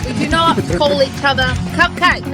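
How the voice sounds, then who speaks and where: A woman's voice: sits high, steady tone, moderate pace. A woman speaking brashly and crudely. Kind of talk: clips in a music mash-up. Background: loud guitar music.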